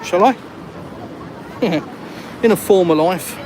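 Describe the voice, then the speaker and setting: A man's voice: high-pitched, slow pace, crowd noise. A man chatting and joking with viewers while live-streaming on a walk outdoors. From England. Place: outdoors on a city street. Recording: outdoor street traffic noise.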